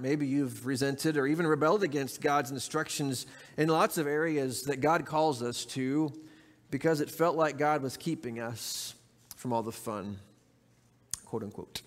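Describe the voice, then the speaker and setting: Male pastor, sermon, chatty and repetitive for emphasis, lightly raised pitch, reverberant sanctuary. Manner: conversational, repeats words for emphasis. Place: church sanctuary.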